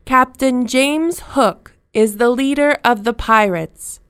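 A woman narrating a children's storybook in simple, slow, clearly spoken sentences. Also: a little high, fairly bright tone, no echo, clean studio sound.

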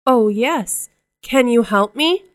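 A woman's voice: on the high side, expressive, takes it slowly. A woman reading a storybook aloud and voicing a young mermaid who speaks earnestly and longs for a human life. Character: young mermaid girl, yearning and determined.

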